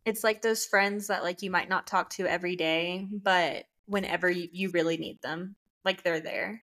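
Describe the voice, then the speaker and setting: A woman's voice: fairly low pitch, fairly even intonation, normal speed, a bit bright. A young woman co-hosting a podcast, chatting enthusiastically about a book with lots of filler words. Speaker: podcast co-host. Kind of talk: casual book chat.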